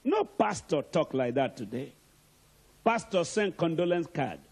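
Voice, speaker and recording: A man's voice: on the high side, sing-song, a little slow, darkish tone, slightly rough. A male archbishop preaching a sermon emphatically and calling out to the congregation.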